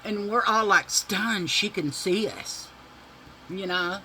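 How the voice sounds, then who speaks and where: Slow, bright-voiced man telling stories. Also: sits high, slight background noise, low-quality recording. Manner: animated, profane, drawling storyteller addressing viewers as y'all. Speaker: beauty vlogger. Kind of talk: casual storytelling while doing makeup.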